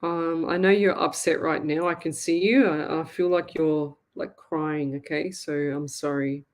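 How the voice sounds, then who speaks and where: An Australian woman hosting a live psychic reading, speaking in a sympathetic, halting way and repeating herself often. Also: sits low, fairly even intonation. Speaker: psychic medium host.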